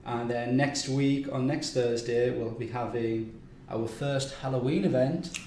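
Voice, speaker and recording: A man's voice: medium pitch, fairly even intonation, a little slow, warm tone. Man, stream host, casual event rundown, roomy echo, faint hiss. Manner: loose, chatty, lots of ums and restarts. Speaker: game live stream host. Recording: echoey room with faint noise.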